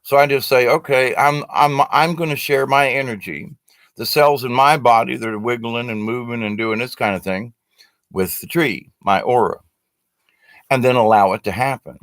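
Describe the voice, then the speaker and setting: A man's voice: medium pitch, normal speed, a bit bright, dry recording. A man giving a casual, rambling spoken teaching to a live stream audience, talking to his webcam with many fillers and restarts. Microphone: webcam facing the speaker.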